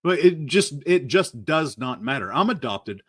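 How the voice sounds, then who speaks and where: A man's voice: on the high side, very animated, a little slow, breathy edge, no echo, clean studio sound. A man hosting a livestream, reacting to clips and reading out chat comments in a rambling, casual way with frequent laughs. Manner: rambling, laughing, repeats words. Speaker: show host reacting to clips. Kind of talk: casual commentary live stream.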